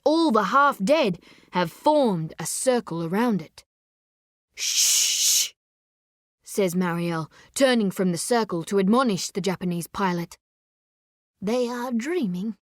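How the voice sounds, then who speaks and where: A woman narrating a story in a measured, expressive audiobook reading. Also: mid-range voice, no echo, clean studio sound.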